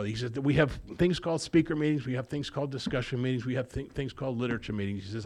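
Gravelly man telling his recovery story. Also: mid-range voice, darkish tone. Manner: storytelling, acting out dialogue, self-deprecating humor. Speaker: recovery meeting speaker. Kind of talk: personal testimony talk.

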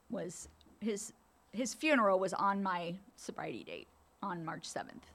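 Woman in her fifties, candid storyteller at a meeting mic, bright crisp voice. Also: mid-range voice. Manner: candid, storytelling, laughs often. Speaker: AA meeting speaker. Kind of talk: personal recovery share. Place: meeting room.

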